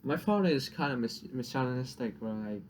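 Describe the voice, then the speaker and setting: A man's voice: medium pitch, animated, a little fast, a little hiss or hum. A young man whose first language is Vietnamese, venting in a casual, profane rant and laughing at his own jokes. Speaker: vlogger.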